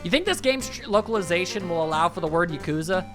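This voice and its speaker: Guy doing lets play commentary, jokey and rambly, lively voice, game music under it. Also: high voice, fast talker. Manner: joking, rambling asides. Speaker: let's play host. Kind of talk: casual gameplay commentary.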